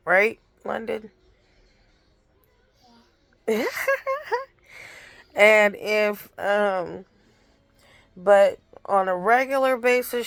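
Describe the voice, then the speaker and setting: Woman rambling on her phone cam at home, slow and gravelly, lots of restarts, dry close sound. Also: medium pitch, no room sound. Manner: rambling storytelling with many restarts. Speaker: aunt caring for young children. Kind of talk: casual rambling vlog chat. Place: at home with toddlers nearby.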